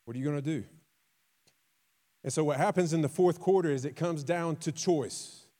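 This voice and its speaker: A man preaching a sermon, telling stories with acted quotes, repeating himself and dropping suddenly to a quiet voice. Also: on the high side, normal speed. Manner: repeats and restarts words, conversational.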